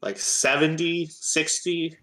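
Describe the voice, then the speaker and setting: Bright-voiced male game master. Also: on the high side, steady tone, slow, soft background music. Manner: hesitant, lots of filler sounds. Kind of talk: narrating a tabletop game.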